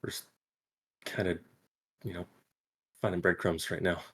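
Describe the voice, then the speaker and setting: A man's voice: low voice, little pitch movement, measured pace, slightly rough. Rambling, unsure man at the table. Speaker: player. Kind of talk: casual tabletop chat.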